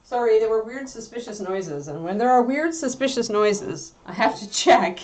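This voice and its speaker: A woman's voice: fairly high pitch, animated, normal speed, darkish tone. A woman hosting a casual livestream, chatty and easygoing, who breaks off now and then to talk to her dog. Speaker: livestream host.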